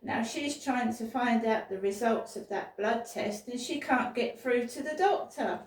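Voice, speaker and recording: A woman's voice: a little high, measured pace. A woman, telling a rambling personal story in a casual vlog, often repeating words and restarting sentences. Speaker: vlogger. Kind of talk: casual spoken diary. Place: indoors at home. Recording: roomy, from a distance.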